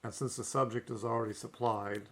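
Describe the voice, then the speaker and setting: A teacher gives a recorded language lesson, working methodically through his notes and saying "okay" between each point. His mid-range voice is fairly quick with fairly even intonation.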